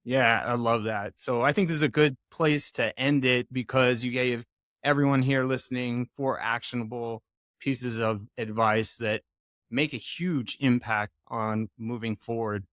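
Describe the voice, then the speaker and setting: A man hosting a podcast, speaking at an ordinary male pitch. He backs up his guest with warm agreement and keeps things moving toward the wrap-up. The recording is dry and close. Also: steady tone, measured pace, no echo. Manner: affirming, supportive. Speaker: podcast host. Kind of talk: casual interview talk.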